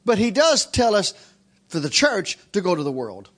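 Guy preaching in church, high voice jumping all over, tells stories loud. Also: normal speed. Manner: animated, acts out shouting in stories. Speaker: guest preacher. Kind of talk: sermon with storytelling. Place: church sanctuary.

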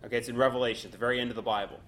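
Man leading a relaxed Bible class. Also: mid-range voice, racing, a little hiss or hum. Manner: loose, conversational, with fillers and restarts.

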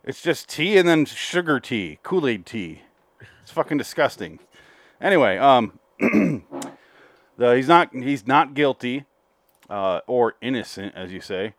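A man's voice: medium pitch, big pitch swings, slow, no echo. A man co-hosting a casual comedy podcast, rambling and swearing as he retells a story. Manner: rambling, profane, retells scenes in put-on voices. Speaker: podcast co-host.

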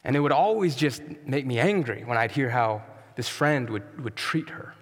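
A man's voice: mid-range voice, animated, moderate pace. Earnest male pastor preaching in a hall. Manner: earnest, emphatic preaching with soft drops. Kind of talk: sermon. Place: church sanctuary.

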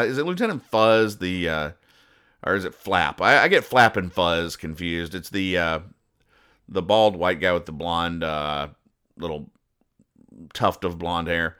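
Deep-voiced man deadpanning comic strips. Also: clean tone. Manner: deadpan, explains each joke. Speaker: podcast host. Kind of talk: casual comic-strip recap.

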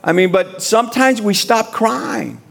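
A man preaching a sermon as guest speaker in a church, building to shouted appeals and call-and-response. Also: high-pitched, measured pace, vocal fry.

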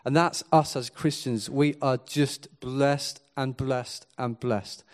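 An earnest male preacher delivers a sermon. His voice sits at an ordinary middle pitch. He shifts between hushed, reflective moments and sudden emphatic swells. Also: fairly even intonation, slow pace. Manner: earnest, builds from quiet to emphatic.

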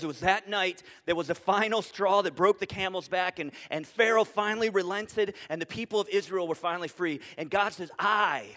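A man's voice: high voice, fairly bright tone, big-room sound. A man preaching a sermon to a congregation, earnest, building to emphatic declarations. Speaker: pastor. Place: church auditorium with live audience.

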